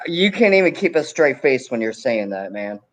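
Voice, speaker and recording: A man's voice: mid-range voice, big pitch swings, normal speed. A man co-hosting a livestream, teasing a caller in dry casual chat. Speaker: livestream co-host. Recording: dull lo-fi audio.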